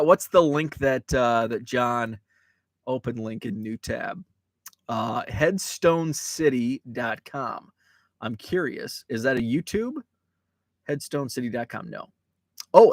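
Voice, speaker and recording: A man's voice: mid-range voice, fairly bright tone, dry recording. A man hosting a casual live stream, reading chat messages and rambling through stories with plenty of fillers and restarts.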